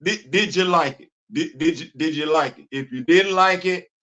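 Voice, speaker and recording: Animated high-voiced male comics host. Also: moderate pace. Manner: animated, repetitive, exclaiming, laughing. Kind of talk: excited casual comic book talk. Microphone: live stream mic.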